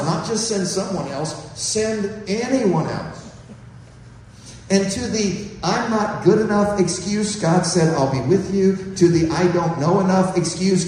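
A man's voice: on the high side, a little mellow, slight background noise. A man preaching a conversational sermon and reading from scripture. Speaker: pastor. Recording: echoey hall, distant mic, faint ambience.

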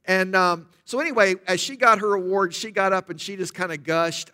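A middle-aged pastor delivering a sermon in a chatty, storytelling way, dropping light jokes as he goes. His voice sits high for a man and rings bright and clear. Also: brisk, hardly any pauses. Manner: conversational storytelling with humor.

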